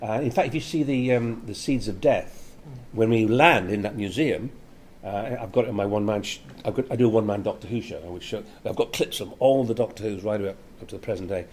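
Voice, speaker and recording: An older actor telling anecdotes in a chatty interview, laughing often. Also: male voice, lowish voice, a little fast, hardly any pauses, slight background noise.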